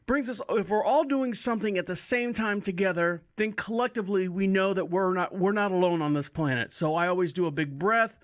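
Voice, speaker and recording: High-voiced chatty Florida man. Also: brisk, hardly any pauses, no echo, studio quality. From Orlando, Florida. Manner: chatty and upbeat, rambling asides with chuckles. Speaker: podcast host. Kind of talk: casual solo podcast chat.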